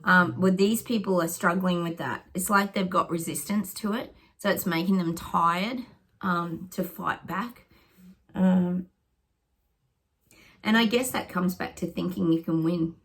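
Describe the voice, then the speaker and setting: Husky-voiced woman psychic, rambling predictions. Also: fairly low pitch, fairly even intonation, unhurried, a bit bright. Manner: rambling, thinking aloud, often whispers asides.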